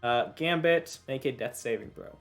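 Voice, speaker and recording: A man runs a tabletop game, describing the combat and pausing to explain rules with plenty of uhs. His pitch sits in the ordinary middle. Faint music plays behind him. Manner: explains rules patiently, many filler uhs. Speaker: game master. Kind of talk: narrating and refereeing a tabletop game.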